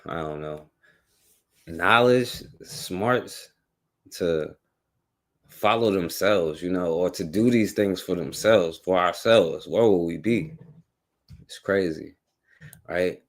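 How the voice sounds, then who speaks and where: A man's voice: low voice, slow, long pauses. A man hosting a talk radio show, chatting loosely in slang with many fillers and restarts. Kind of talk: casual radio chat.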